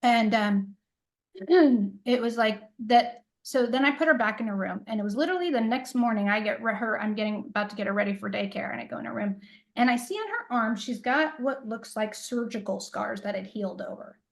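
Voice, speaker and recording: Chatty woman telling a story, higher voice. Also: a little fast, gravelly, low-quality recording. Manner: rambling, filler-heavy storytelling, acts out quoted dialogue. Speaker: interview guest, intuitive coach. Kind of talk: casual storytelling interview.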